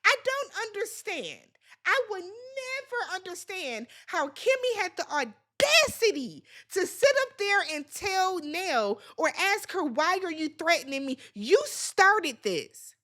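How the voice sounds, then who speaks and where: A woman's voice: extremely high pitch, sing-song, slow pace, sharp tone. A woman hosting a reality TV recap, talking casually and bluntly, swearing freely as she gives her opinions.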